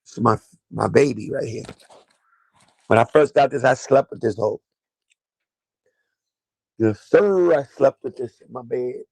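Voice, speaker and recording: A gravelly-voiced man with a New York accent chats on a casual sneaker livestream. He talks in a loose, excitable, profane way, full of banter. The sound is dry and close, with no room echo. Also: mid-range voice, unhurried, pauses often.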